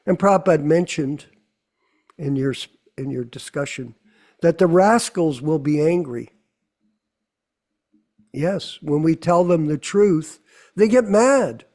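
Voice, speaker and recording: Slow, mellow-voiced man preaching. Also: fairly high pitch, animated. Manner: preachy, scolding rhetorical questions. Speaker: host of a scripture class. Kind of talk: devotional class commentary.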